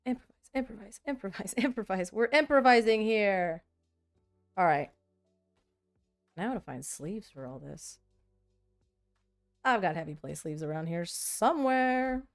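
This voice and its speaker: A woman talks casually as she sorts a pile of trading cards, thinking aloud and teasing herself about the mess. Her voice sits at an ordinary middle pitch. Soft music plays faintly underneath. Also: big pitch swings, slow, long pauses. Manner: chatty, self-mocking, thinks aloud. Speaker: vlogger sorting trading cards. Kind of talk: casual chat while working.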